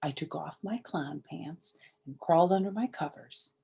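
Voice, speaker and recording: A woman's voice: deep voice, moderate pace, vocal fry, warm tone, slightly rough. An older woman reading a children's chapter book aloud, with chatty asides to her listeners. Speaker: storyteller.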